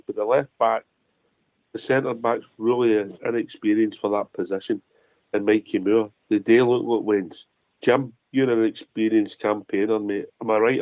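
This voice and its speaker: A man's voice: fairly low pitch, a little mellow, no echo, muffled recording. A Scottish man hosting a football phone-in, chatting casually and passing to callers. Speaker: host.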